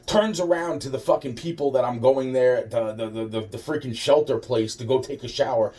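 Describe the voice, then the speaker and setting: A man's voice: mid-range voice, fairly quick, dark tone. Profane rambling man, far from mic. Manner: profane, rambling, full of restarts. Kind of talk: rambling personal story. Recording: voice distant from the mic.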